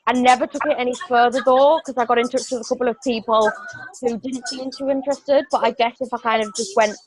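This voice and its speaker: A woman on a team video call, chatty and excitable, thinking aloud about her plans. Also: on the high side, quick pace, dry recording, low-quality recording. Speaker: team member. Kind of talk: casual chat on a team call.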